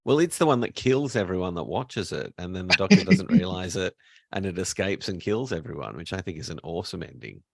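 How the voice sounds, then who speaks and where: Man, deep gravelly voice, animated pitch, giggly self-deprecating chat, dry sound. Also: fairly quick, dry recording. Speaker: podcast co-host. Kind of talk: casual pre-show chat.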